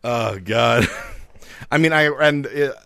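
A man's voice: medium pitch, takes it slowly, creaky, pushed and bright, no room sound, clean studio sound. A man co-hosting a podcast in casual chat, rambling, laughing often and tripping over his words. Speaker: podcast co-host.

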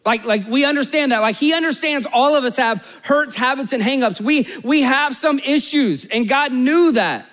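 A man pastor preaching a sermon, telling stories and acting out the people in them, rising high in the anecdotes and dropping soft in the appeals. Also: moderate pace, few pauses, big-room sound. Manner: storytelling, voices characters in anecdotes; animated, rises high and loud in stories, drops low and soft for appeals.

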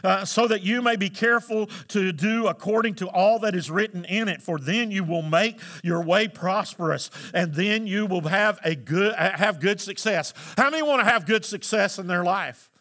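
A man preaching from the pulpit in a bright, forceful voice. He calls out to the congregation for answers and climbs into shouted emphasis. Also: high-pitched, moderate pace, hardly any pauses. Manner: preaching with call-and-response, rising to shouts. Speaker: pastor. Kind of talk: sermon.

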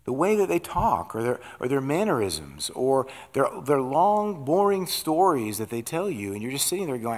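A man's voice: mid-range voice, big pitch swings, moderate pace, hardly any pauses. Conversational man preaching a sermon. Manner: conversational, asks "right?" often. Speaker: pastor.

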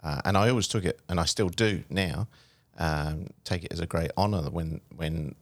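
A man's voice: sits low, normal speed, no room sound. A middle-aged man hosting a studio interview, talking in a conversational way with fillers and restarts. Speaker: show host.

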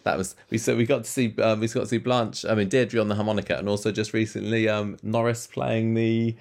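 A man with a very low voice chats casually with a co-host. He rambles through memories, his pitch leaping upward whenever he gets enthused. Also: brisk, gravelly. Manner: rambling, excitable, pitch jumps up when enthused. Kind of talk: casual chat.

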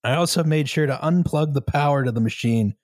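A man reading a story aloud to a co-host in a measured, steady way, now and then breaking into laughter. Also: fairly high pitch, dry recording, clean studio sound. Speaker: story reader.

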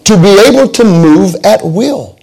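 A male pastor delivers a sermon as a string of folksy, humorous stories. His voice sits a little high and carries a gravelly fry. He often stumbles and restarts mid-sentence. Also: expressive, a little slow, darkish tone, low-quality recording. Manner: folksy, joking storytelling with many restarts.

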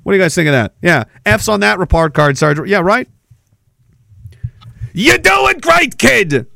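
A man's voice: a little high, fast talker, creaky, fairly bright tone, no echo. A man from Canada hosting a livestream, ranting angrily and sarcastically and reading viewer comments. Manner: angry, sarcastic, profane ranting. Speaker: livestream host reading chat.

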